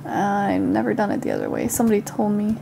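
This young woman's mid-range voice is gravelly yet warm, swooping wildly in pitch at a quick pace, with a little hiss or hum in the recording. Hosting her gaming channel while slightly sick, she coughs now and then, chatters to herself over casual gameplay, and bursts into panicked yells.

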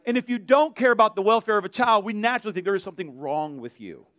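A male pastor preaching an animated sermon, acting out voices from the story. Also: sits high, quick pace, no room sound, clean studio sound.

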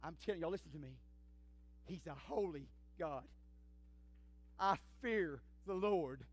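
A middle-aged pastor preaching a sermon in a church, swinging from shouts to near whispers in folksy talk. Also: male voice, a little high, lively intonation, measured pace, husky, soft background music. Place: church sanctuary.

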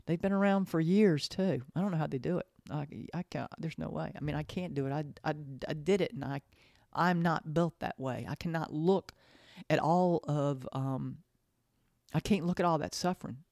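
A woman's voice: low voice, vocal fry, a little mellow, no echo, studio quality. A woman talking in a casual monologue, earnest and emotional, often repeating herself and restarting her sentences. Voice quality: halting, repeats phrases, trails off and restarts. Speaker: podcast host.

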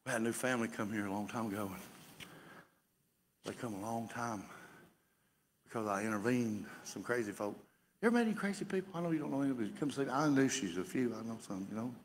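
A man preaching a sermon as pastor, folksy and building to shouts. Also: mid-range voice, animated, fast talker, long pauses, big-room sound, a little hiss or hum. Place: church sanctuary.

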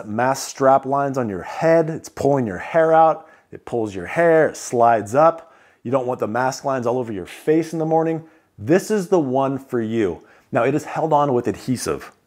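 A man's voice: medium pitch, animated, measured pace, a little mellow. Chatty man reviewing sleep gear. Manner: chatty, joking asides. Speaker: CPAP equipment reviewer. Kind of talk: casual product rundown.

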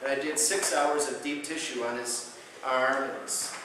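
This chiropractor speaks at a medium pitch and moderate pace while lecturing at a conference, telling a story about a patient and loudly performing the quoted voices. The recording carries a little hiss or hum, with a distant mic and the echo of the hall.

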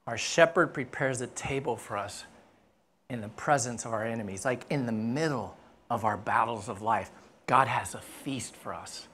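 A pastor, preaching a sermon through playful, animated storytelling. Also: medium pitch, a little hiss or hum. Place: church.

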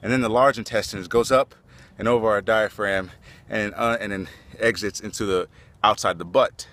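A man with a fairly low but very bright, forceful voice, out of breath as he talks to the camera outdoors in a park. He rambles earnestly, circling back and restarting his sentences as he explains. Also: fairly even intonation, moderate pace. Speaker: vlogger. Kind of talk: casual vlog talk.

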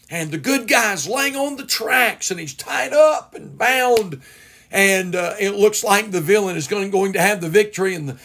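Brief: pastor on a church broadcast, high tenor, fervent and folksy storytelling. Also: male voice. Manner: fervent, folksy, repeats for emphasis. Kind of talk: sermon.

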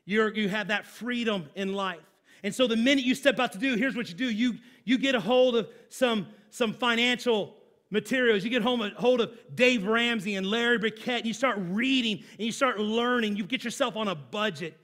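A man's voice: high-pitched, moderate pace, fairly bright tone. A man, a pastor, preaching a sermon in a conversational, emphatic way with everyday examples.

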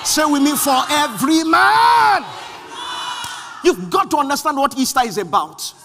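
High-pitched animated preacher. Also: male voice. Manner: animated, shouting refrains, acts out quoted voices. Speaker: pastor. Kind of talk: sermon. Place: large church hall. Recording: long hall reverb.

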